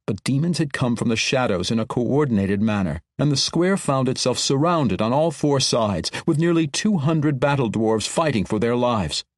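Expressive male audiobook narrator, dry studio. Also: mid-range voice, normal speed, hardly any pauses, no room sound. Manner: expressive, dramatic reading. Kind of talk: scripted narration.

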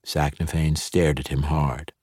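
A sly, teasing dark elf mercenary chief, as a man reading a fantasy audiobook plays him. The voice is extremely deep and unhurried, smooth and amused, recorded close and dry. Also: flat delivery, no echo, exaggerated voice. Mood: persuasive.

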